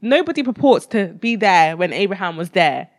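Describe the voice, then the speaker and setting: A woman in casual conversation who talks through Bible passages, reading verses aloud and explaining them with lively slang. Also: mid-range voice, normal speed, no room sound, clean studio sound. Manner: animated, slangy, reads scripture aloud.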